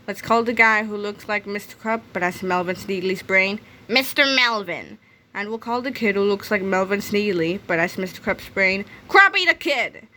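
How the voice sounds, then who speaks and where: A woman reading a children's chapter book aloud in a lively storytelling manner. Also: mid-range voice. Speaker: read-aloud narrator.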